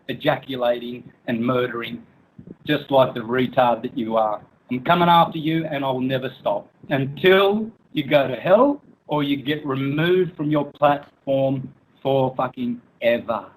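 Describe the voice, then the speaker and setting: A man's voice: mid-range voice, slight background noise, rough recording. A man ranting angrily as a guest in an online interview, mocking, cursing and laughing scornfully, with threatening turns. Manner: menacing, threatening. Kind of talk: angry rant in an online interview.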